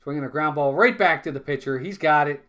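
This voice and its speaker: A man's voice: fairly high pitch, fairly quick, pushed and bright. A man calling live baseball play-by-play in a casual, chatty way, often repeating words and talking to his viewers. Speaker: fan play-by-play streamer.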